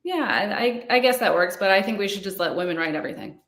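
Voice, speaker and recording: A woman filmmaker answering interview questions about her short film in a relaxed, talkative way. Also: mid-range voice, fast talker, reverberant. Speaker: filmmaker guest.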